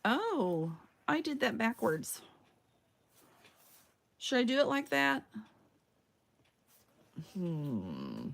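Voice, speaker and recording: A woman's voice: on the high side, huge pitch swings, drawn-out words, vocal fry, pauses often. A chatty woman crafting on a stream. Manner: chatty, talks to herself while working. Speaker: crafting livestreamer. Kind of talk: casual crafting chat to viewers. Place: her home loft.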